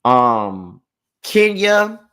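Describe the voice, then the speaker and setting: On his channel, a man gives casual live review commentary on a reality show, grading each cast member with blunt, candid opinions and frequent ums. His mid-range voice swings widely in pitch, moves very slowly, and sounds fairly bright, clear, and resonant.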